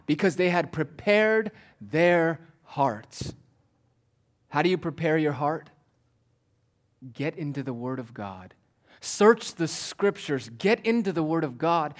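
Man, pastor, sermon, fairly high voice, loud declarations dropping to hushed asides. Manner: swings from loud declaring to hushed near-whispers.

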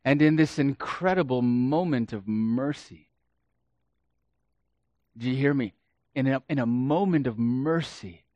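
A man preaching a sermon, dramatic, swinging between hushed and loud and acting out the quotes he reads. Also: on the high side, no echo.

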